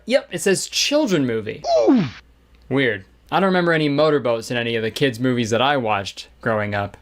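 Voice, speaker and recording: A man's voice: a little high, a little hiss or hum. A man giving casual comedic commentary on a movie, sarcastic and joking, often laughing.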